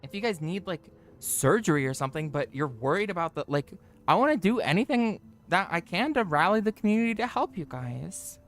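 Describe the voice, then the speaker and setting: A livestreamer chatting casually with viewers and friends, joking, swearing and mocking themselves, with the pitch jumping high for greetings. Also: very animated, fairly quick. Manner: joking, profane, self-mocking.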